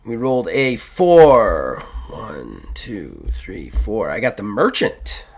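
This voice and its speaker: A man hosting a casual tabletop game and chatting lively with his fellow player, often laughing. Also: on the low side, takes it slowly, slight background noise. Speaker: host and player.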